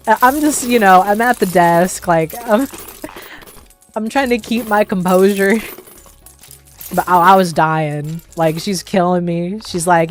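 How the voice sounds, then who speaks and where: A young woman hosts a livestream, telling casual stories in a lowish voice. She rambles, leans heavily on fillers and laughs often. Her delivery is loose and chatty. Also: slow pace, pauses often, a little hiss or hum. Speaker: livestream host. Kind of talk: casual storytelling.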